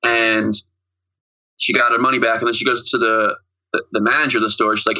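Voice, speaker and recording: A man's voice: fairly low pitch, little pitch movement, fast talker, sharp tone, rough recording. A man co-hosting a podcast, casually recapping a film and retelling its scenes in a rambling way. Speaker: podcast co-host. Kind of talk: casual movie recap chat.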